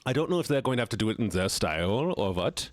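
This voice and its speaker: Male streamer, playful, jokey, bouncy animated pitch, dry close sound. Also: fast, no room sound. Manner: playful and joking, laughs often, teases chat. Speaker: live streamer. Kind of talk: casual live-stream chat while gaming.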